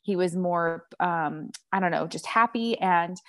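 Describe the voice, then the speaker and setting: A woman's voice: lowish voice, a little slow, no room sound. A woman in her thirties, a guest on a casual faith podcast, speaking in an affirming way with many fillers. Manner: warm affirming, frequent "like" and "you know".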